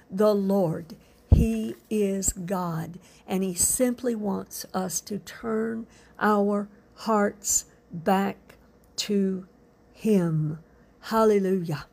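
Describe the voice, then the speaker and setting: Slow, gravelly woman preaching a sermon. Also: medium pitch. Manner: fervent preaching with drawn-out emphasis and soft asides.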